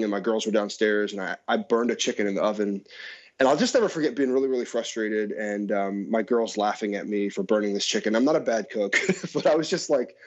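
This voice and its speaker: A middle-aged man in his forties talks earnestly and reflectively as a guest pastor. His voice sits low and comes through a dull, lo-fi line. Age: 40s. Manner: earnest, reflective, with soft laughs. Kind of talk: conversational interview. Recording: dull lo-fi sound.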